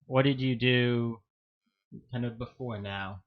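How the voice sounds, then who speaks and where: Man, game master, slow unhurried delivery, dull lo-fi sound, laid-back. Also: medium pitch, steady tone. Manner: laid-back, asks players questions. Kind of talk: running a tabletop game.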